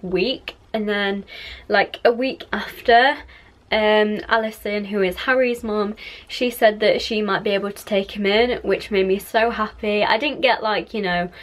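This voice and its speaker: A young woman chats through a casual vlog recap. She rambles and loops back on herself, leaning on plenty of fillers. Her voice sits at an ordinary middle pitch. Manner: rambling, chatty, many fillers. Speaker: vlogger.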